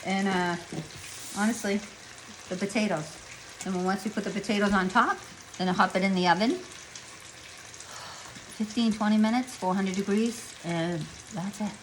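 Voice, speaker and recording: A woman's voice: medium pitch, steady tone, moderate pace, long pauses. Chatty woman cooking in an echoey kitchen. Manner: chatty, enthusiastic, repeats words for emphasis. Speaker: home cook vlogger. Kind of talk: casual cooking vlog. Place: home kitchen. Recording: echoey kitchen, distant mic, noisy. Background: frying and sizzling.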